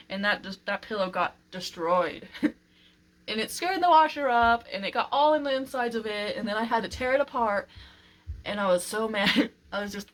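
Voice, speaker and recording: A woman's voice: a little high, fairly bright tone, low-quality recording. A woman in a casual chatty vlog, rambling and exasperated, often laughing, talking at home while she works on furniture. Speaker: vlogger. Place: home, working on a furniture project.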